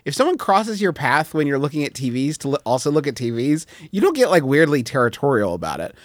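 A man's voice: a little high, very animated, fast talker, no room sound. A man hosting a comedic advice podcast, reading listener letters in a rambling, self-mocking way. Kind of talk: casual comedic chat.

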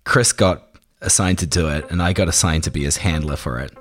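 A man, a guest in an interview, telling stories in a relaxed, conversational way. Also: a bass voice, fairly quick. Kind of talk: relaxed storytelling.

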